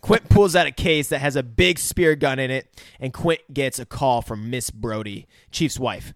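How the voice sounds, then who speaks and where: Profane rambling podcast host, dry sound. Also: male voice, mid-range voice, moderate pace, dry recording. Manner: profane, rambling play-by-play retelling. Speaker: podcast co-host recapping a film. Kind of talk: casual chat.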